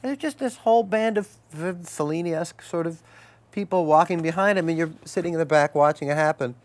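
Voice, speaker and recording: A man, an actor and guest, telling animated anecdotes and acting out the people in them with loud, high voices. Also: brisk.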